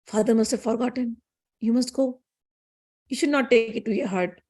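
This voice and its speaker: A woman's voice: on the high side, normal speed, dark tone, breathy edge. A woman voicing a kindly sage who reassures a young goddess. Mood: reassuring.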